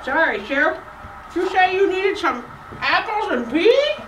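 Lady playing a rude backwoods clerk, high and sharp, drawls her words. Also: sing-song, measured pace, slight background noise, full character voice, low-quality recording. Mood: cranky. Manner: rough folksy drawl, double negatives. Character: rude, gum-chewing backwoods clerk woman. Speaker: small-town shopkeeper and radio dispatcher. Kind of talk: comedic film acting.

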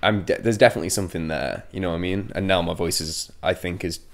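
A man's voice: low-pitched, fairly even intonation, fast, gravelly. A man, a band's singer, chatting candidly in an interview, often restarting his sentences. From England. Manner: rambling, self-interrupting, candid. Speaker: band singer, interview guest. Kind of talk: casual interview chat.

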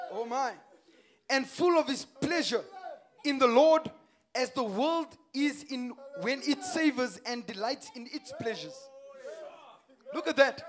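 A man preaching a sermon in a church, swinging between hushed asides and shouted, impassioned lines and calling out questions to the congregation. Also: very high voice. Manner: calls to the congregation with repeated questions.

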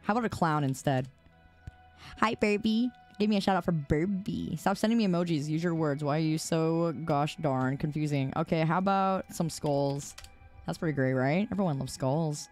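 A woman in her twenties chatting casually on a live stream, playful and teasing, quick to laugh. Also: low voice, a little mellow, faint music behind. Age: 20s.

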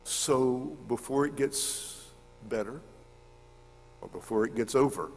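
A middle-aged man preaching a sermon, telling stories and repeating key words, swinging between emphatic high points and quiet low passages. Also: takes it slowly, gravelly, breathy edge. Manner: rises to emphatic peaks, then drops low. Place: church sanctuary. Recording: long church reverb.

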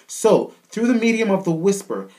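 A man's voice: sits high, big pitch swings, moderate pace, warm tone. A male vocal coach with a Canadian accent explains singing technique in an easygoing, chatty way. He keeps checking in with his listeners as he talks them through each point. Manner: casual, keeps checking in with "all right?". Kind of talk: video singing lesson.

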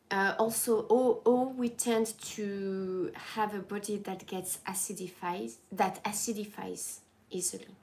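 Slow, sleepy-voiced woman chatting. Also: medium pitch, creaky. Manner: slow, groggy, halting with many restarts. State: sleepy morning voice. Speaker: lifestyle livestreamer. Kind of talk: casual morning chat to viewers.

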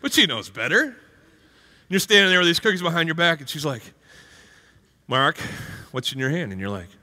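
A middle-aged pastor delivers an energetic sermon, acting out little scenes in playful voices. His voice is bright and sharp and rides up and down. Long reverb from a church hall trails behind him. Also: on the high side, fast. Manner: animated, jumps into playful character voices and exclamations. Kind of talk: energetic sermon with acted-out stories.

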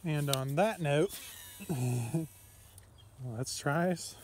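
A young man from Ohio chatting to viewers while fishing, excitable and quick with exclamations. His voice sits a little high, picked up by a camera mic outdoors. A faint wash of outdoor ambience stays behind him. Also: slight background noise. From Ohio, USA. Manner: excitable, talks to himself and viewers, frequent exclamations. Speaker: fishing vlogger. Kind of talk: casual outdoor fishing vlog. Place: outdoors by a pond.

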